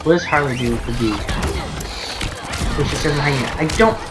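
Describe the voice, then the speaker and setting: A woman's voice: extremely low pitch, moderate pace, very noisy. A woman giving casual, chatty and opinionated commentary while playing a game. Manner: chatty, opinionated, many fillers. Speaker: gameplay commentator. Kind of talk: casual let's-play commentary. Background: game music.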